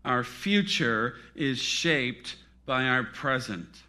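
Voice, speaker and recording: A middle-aged male pastor preaching a sermon, swinging between loud dramatic peaks and hushed, near-whispered drops. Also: medium pitch, lively intonation, extremely slow.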